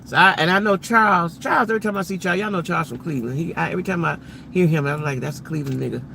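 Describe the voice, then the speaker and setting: A middle-aged woman talks loosely and animatedly to her live-stream viewers while sitting in her car. Her voice has a gravelly fry and a bright, forceful edge. A faint hum of background noise runs underneath. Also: on the low side, rapid-fire. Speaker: livestream host. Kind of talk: casual live-stream chat.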